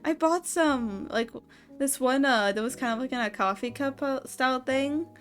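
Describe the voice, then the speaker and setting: A woman streamer chats casually late at night, rambling and breaking into giggles. Her voice sits a bit high. Quiet music plays underneath. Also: moderate pace. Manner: giggly and rambling, laughing often.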